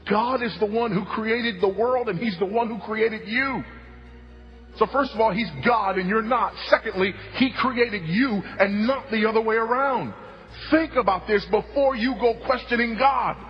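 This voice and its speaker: This sermon comes from a male pastor whose voice runs slightly high, speaking unhurriedly and with weight. He drops to a hush, then rises loud, restating his points to drive them home. Faint music plays beneath a muffled, lo-fi recording, and the sanctuary walls give a long, trailing reverb.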